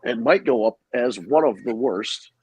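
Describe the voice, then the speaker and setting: A man's voice: mid-range voice, expressive, a little slow, husky, no echo, poor audio. A man hosting a podcast, talking in a casual, rambling and profane way with strong opinions. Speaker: podcast host. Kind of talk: casual chat.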